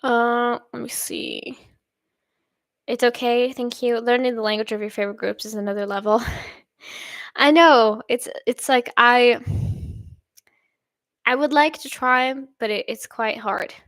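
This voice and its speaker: A bright-voiced young woman from Sweden in her twenties, pitched a little high, chatting casually as she reads viewer comments aloud. She rambles in an upbeat way and laughs often. The sound is dry and close. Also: fairly even intonation, a little slow, pauses often, dry recording. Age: 20s. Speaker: channel host.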